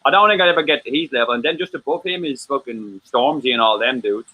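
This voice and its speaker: A man's voice: medium pitch, quick pace, dull audio. An Irish man in casual chat, rambling, stammering and swearing freely. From Ireland.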